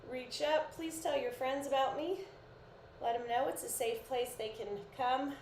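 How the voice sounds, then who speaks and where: Encouraging woman fitness coach, echoey room. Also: fairly high pitch. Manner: encouraging, chatty, counts reps. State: sleepy, yawning. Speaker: fitness instructor. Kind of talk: live-streamed workout coaching. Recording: echoey room, voice far from mic, faint noise.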